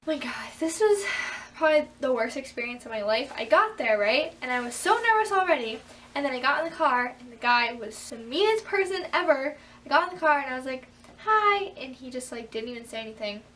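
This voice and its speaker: High-voiced teen girl vlogging. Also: far from the mic, a little hiss or hum. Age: teens. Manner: animated, acts out quotes with big pitch jumps. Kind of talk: casual storytelling vlog.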